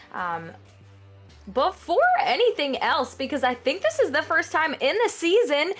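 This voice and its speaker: A bubbly woman from New York hosts a live esports broadcast from a booth. Her voice sits fairly high and she chats freely, with faint music under her. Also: fairly bright tone. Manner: bubbly, chatty, laughs often. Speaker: esports caster.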